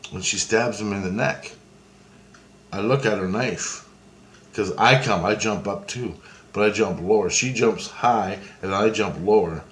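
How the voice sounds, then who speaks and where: A man's voice: deep voice, a little hiss or hum. A man casually recounting a dream in a rambling, profane way, with many restarts. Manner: rambling, profane, restarts and hand-gesture talk. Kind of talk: casual spoken storytelling. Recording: roomy echo, faint ambience.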